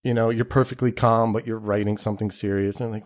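A man's voice: medium pitch, steady tone, a little fast. A man hosting a podcast, rambling in a casual, profane, self-deprecating monologue and acting out the people he quotes. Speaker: podcast host.

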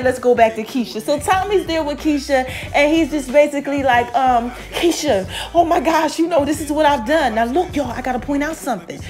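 A woman hosting a casual podcast recap, chatty and animated, acting out the characters' lines in quick asides. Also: high-pitched. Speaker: podcast host recapping a TV episode. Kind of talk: casual chat.

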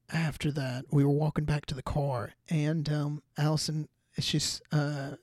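A man's voice: a little high, flat delivery, a little slow, few pauses, a little mellow, no echo, clean studio sound. A young man and podcast host telling a rambling, casual story, full of fillers and restarts, acting out his own reactions.

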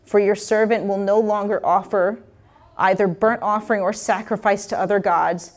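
A woman's voice: mid-range voice, steady tone, moderate pace. Woman preacher reading and explaining scripture. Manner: conversational asides with frequent restarts.

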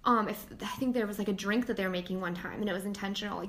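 A woman co-hosting a podcast, chatting casually with lots of fillers and lively retellings. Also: mid-range voice, racing. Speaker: podcast co-host. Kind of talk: casual chat.

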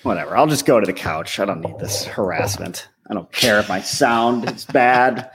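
A man in his forties, co-hosting a podcast in a halting, rambling way and telling a story about picking up his son. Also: fairly low pitch, background noise. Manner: rambling, halting, self-deprecating. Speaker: podcast co-host. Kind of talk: casual banter.

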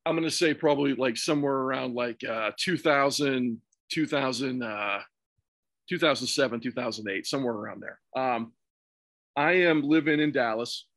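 A man's voice: medium pitch, normal speed, a bit bright, dry recording, clean studio sound. A man casually telling a long, profane story on a podcast, rambling through restarts and fillers. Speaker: podcast guest or host.

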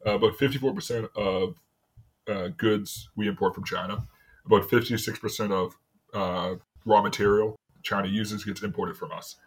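A man chats loosely, circling back and restarting as he tells his stories. His voice sits a little low and has a husky grain. He laughs easily between thoughts. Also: steady tone, moderate pace. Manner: rambling storyteller, laughs often, many restarts. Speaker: city worker, podcast guest. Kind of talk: casual chat.

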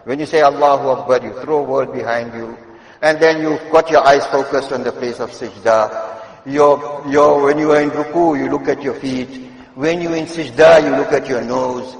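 An older man giving a Friday sermon in a mosque, moving from quiet asides to loud, emphatic exhortation and wry teasing of the congregation. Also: medium pitch, steady tone, normal speed. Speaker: mosque preacher. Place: mosque prayer hall. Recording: echoey hall with long reverb.

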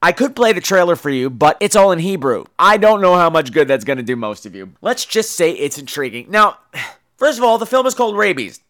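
A man's voice: high voice, big pitch swings, a little fast, fairly bright tone. A man hosting a podcast, reviewing a horror film in a casual, jokey and profane monologue.

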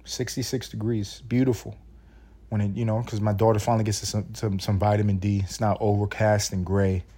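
Male podcast host, lowish voice, casual profane rants from bed. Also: fairly quick, slightly rough. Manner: profane, rambling, animated. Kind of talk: solo casual podcast rant. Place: in his bed at home.

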